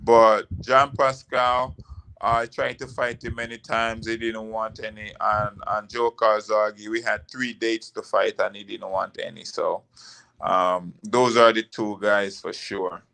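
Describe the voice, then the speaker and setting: A man with a gravelly, bright voice, talking as a guest in a casual interview. He tells his stories in a loose, rambling way and leans on fillers. His voice has a worn, rough grain. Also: fairly low pitch, a little slow. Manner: relaxed, rambling storytelling with fillers. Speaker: guest, former boxer.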